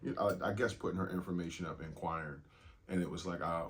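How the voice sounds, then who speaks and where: A man's voice: low-pitched, fairly even intonation, quick pace, fairly bright tone. A man co-hosting a podcast in casual chat, playful and teasing with laid-back slang. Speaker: podcast co-host.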